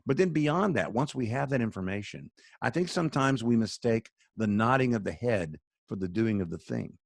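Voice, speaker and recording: A man's voice: medium pitch, animated, moderate pace, creaky, dry recording. A man who speaks for a charity, talking on a video call in an earnest, sermon-like storytelling way. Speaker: charity spokesman, radio guest.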